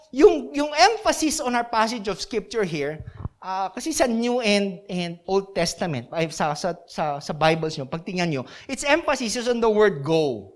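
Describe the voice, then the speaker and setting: A woman with a Filipino accent preaching a sermon, mixing English and Tagalog and often asking her listeners questions. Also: medium pitch. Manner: switches between English and Tagalog, with rhetorical questions; emphatic, repeats key phrases.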